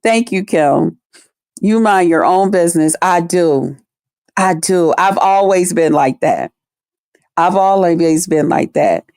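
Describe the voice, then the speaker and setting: A woman vlogger talking straight to her viewers in blunt, animated, heavily profane storytelling. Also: fairly low pitch, takes it slowly, dry recording, studio quality. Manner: blunt, animated, heavy cursing; laughs at her own jokes. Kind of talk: casual profane storytelling chat.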